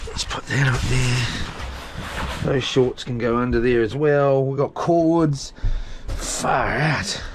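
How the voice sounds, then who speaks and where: Rambling guy, slow and swearing. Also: medium pitch, slight background noise. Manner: rambling, talks to himself, swears often. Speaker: solo boat vlogger. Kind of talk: casual live-stream chat while tidying a boat. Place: small houseboat on the water.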